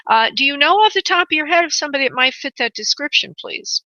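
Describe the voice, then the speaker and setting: A woman hosting a radio psychic reading, speaking in a gentle, halting, soothing way. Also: high voice, animated, dry recording, highs cut off. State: choked up. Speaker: psychic medium radio host.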